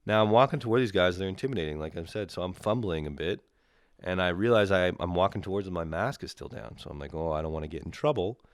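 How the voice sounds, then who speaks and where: A man's voice: low-pitched, fast, no room sound, clean studio sound. A young man from Canada ranting casually and profanely, exasperated and mocking the people he describes. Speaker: comedian ranting solo. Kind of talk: casual comedic rant.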